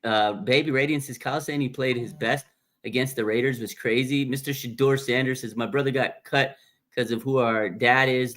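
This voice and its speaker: Blunt, animated man on a fan livestream. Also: mid-range voice. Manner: animated, blunt, reads viewer comments. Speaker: livestream host. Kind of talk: casual fan commentary.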